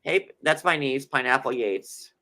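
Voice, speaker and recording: A man co-hosting a casual reality-TV recap chat, animated and quick to slip into playful impressions. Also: medium pitch. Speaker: co-host.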